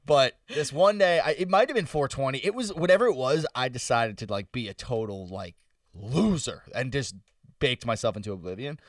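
A man chatting casually, throwing in quick jokes and reactions. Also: mid-range voice, sing-song, no room sound, clean studio sound, recorded from a distance. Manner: quick reactive interjections, joking. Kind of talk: casual chat.

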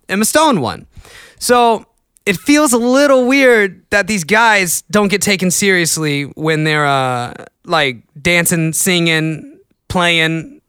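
A young man chatting casually as a podcast host, rambling between mumbled asides and excited outbursts. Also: on the high side, smooth, no room sound, studio quality. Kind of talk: casual solo chat.

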